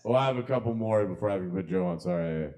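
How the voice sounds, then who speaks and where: A man's voice: sits low, fast, warm tone. A man hosting a live poetry open mic, calling up performers in a loose, chatty way. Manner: loose, chatty, lots of ums and calling out names. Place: kava bar open mic.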